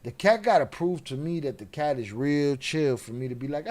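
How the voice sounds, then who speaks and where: A man's voice: a little high, animated, moderate pace, hardly any pauses, darkish tone. A man hosting a live stream, giving brash, profane, trash-talking reaction commentary.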